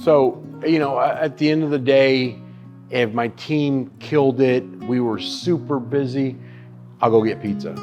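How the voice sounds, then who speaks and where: A man in his thirties, a barbecue chef, telling stories in a casual interview, animated and profane. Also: medium pitch, unhurried, highs cut off, faint music behind. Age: 30s.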